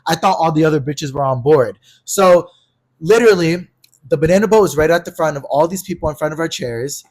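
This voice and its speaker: A young man co-hosting a podcast, casually telling a wild travel story, swearing freely and acting out the yelling in his quotes. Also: on the high side, a little fast. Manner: animated, swearing, acts out yelled quotes. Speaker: podcast co-host.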